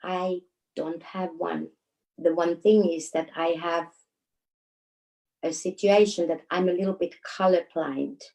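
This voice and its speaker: A woman's voice: on the low side, steady tone, measured pace, gravelly, pauses often, mellow. Finnish woman, hesitant and searching for words. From Finland. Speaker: dancer and dance teacher, guest. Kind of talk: casual interview.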